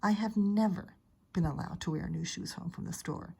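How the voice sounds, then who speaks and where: A teacher reading a children's chapter book aloud, narrating in a steady, expressive way. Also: female voice, fairly low pitch, normal speed, gravelly, husky. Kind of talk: storybook read-aloud.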